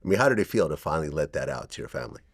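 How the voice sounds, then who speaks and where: Very deep quick-talking interviewer, man. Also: big pitch swings, vocal fry, breathy edge, dry recording, studio quality. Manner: brief prompting questions, short laughs. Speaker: interview host. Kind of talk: interview questions.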